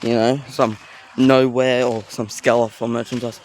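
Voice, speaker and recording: A man's voice: mid-range voice, little pitch movement, moderate pace, a little mellow. Male vlogger, rambling and chatty, recorded outdoors on a handheld phone with faint background noise. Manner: rambling, self-aware chatter with filler words. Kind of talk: casual walking vlog. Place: outdoors at a zoo. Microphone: handheld phone camera.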